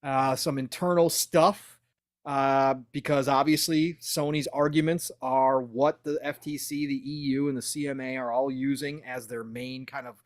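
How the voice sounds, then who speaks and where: A man hosting a gaming podcast in casual chat, animated and full of "uh" fillers. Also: mid-range voice, moderate pace, no echo. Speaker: podcast host.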